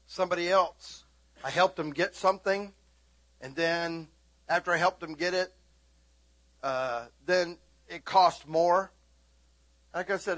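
A middle-aged male preacher telling a story in a lively, animated sermon, often shouting and laughing as he speaks to the congregation. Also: high-pitched, unhurried, pauses often.

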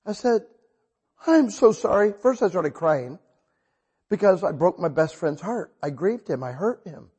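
Husky-voiced man preaching animated sermon. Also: fairly high pitch, measured pace. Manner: animated, bursts loud when quoting himself. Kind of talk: sermon storytelling.

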